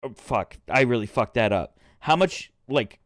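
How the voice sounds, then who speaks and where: A man's voice: medium pitch, lively intonation, unhurried, no echo, clean studio sound. A young man co-hosting a podcast, telling a rambling, swear-filled gaming story in casual chat with friends. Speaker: podcast co-host.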